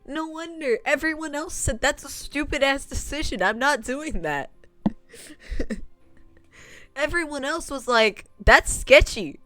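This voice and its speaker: A woman's voice: high-pitched, unhurried, long pauses, fairly bright tone, no echo, faint music behind. A woman streaming a visual novel, talking casually and sarcastically at the characters, laughing in disbelief. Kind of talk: casual gameplay commentary.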